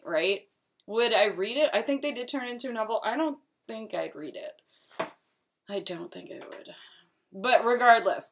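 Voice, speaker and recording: A woman with a slightly high voice chats casually in a horror review vlog. She peppers every sentence with "like", talks bluntly and swears freely. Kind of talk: casual chat.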